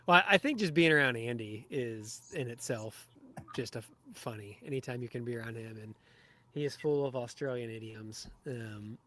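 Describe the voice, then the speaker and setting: A man's voice: mid-range voice, moderate pace, pushed and bright. A man hesitantly sharing a funny memory from a group trip. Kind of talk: casual chat.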